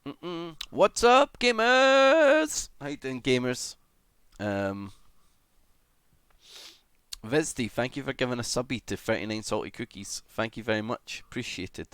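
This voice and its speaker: A man streaming live, chatting casually as he reads and answers comments, with sudden excited shouts. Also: fairly low pitch, moderate pace, pauses often, no room sound. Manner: chatty, greets viewers, bursts into excited shouts.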